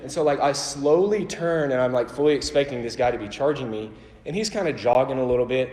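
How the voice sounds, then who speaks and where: A man speaking from a church ministry, telling stories in a casual, self-deprecating way full of "like" and "um". His voice sits at an ordinary pitch and rings through a roomy hall with a long reverb tail. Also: quick pace, a little mellow. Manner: conversational, self-deprecating, many fillers like "like" and "um". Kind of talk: storytelling church talk. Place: church auditorium.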